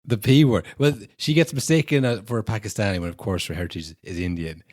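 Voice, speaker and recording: A man's voice: lowish voice, animated, quick pace, a little mellow, no echo, clean studio sound. A young man co-hosting a podcast in casual chat, rambling with many "you know"s and acting out short exaggerated bits. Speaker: podcast co-host.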